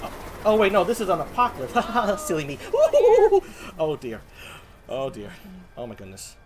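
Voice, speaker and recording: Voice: mid-range voice, wildly swooping pitch, measured pace, noisy background. A streamer voicing a timid, panicky, cowardly survivor in a game, babbling and shrieking in fright. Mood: panicked. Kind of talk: in-character game commentary.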